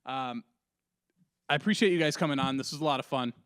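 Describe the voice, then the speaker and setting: A man's voice: mid-range voice, brisk, fairly bright tone, smooth, no room sound, clean studio sound. A man hosting a casual podcast interview, easygoing as he reacts and wraps up. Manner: easygoing, brief reactions and wrap-up. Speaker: podcast host.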